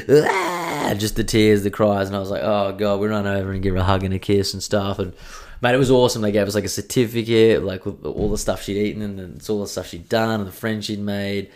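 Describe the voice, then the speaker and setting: A young man talks casually into his podcast mic. His voice sits a little low, and he swears freely and pokes fun at himself as he chats. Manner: swears freely, jokey and self-mocking. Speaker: podcast host. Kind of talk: casual solo podcast chat.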